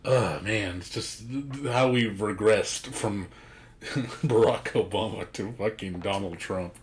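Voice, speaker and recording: A man's voice: fairly low pitch, takes it slowly. Blunt, profane man streamer. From United States. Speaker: game streamer. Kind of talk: casual chat.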